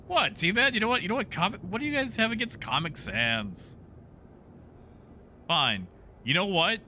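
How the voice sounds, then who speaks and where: A man's voice: high-pitched, big pitch swings, moderate pace, bright, forceful tone, slight background noise. A man streaming a game and chatting casually with live viewers, joking and riffing on their messages from his home setup.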